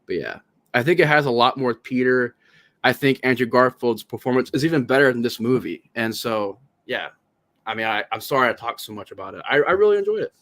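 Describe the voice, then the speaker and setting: A man's voice: mid-range voice, lively intonation, a little fast, fairly bright tone. A man guesting on a casual podcast, giving blunt, profane opinions on films. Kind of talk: casual film discussion.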